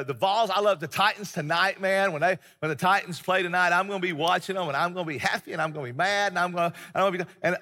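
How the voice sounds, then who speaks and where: Bright-voiced preacher in a reverberant hall. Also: male voice, sits high. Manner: conversational preaching with many fillers and restarts. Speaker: pastor. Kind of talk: sermon.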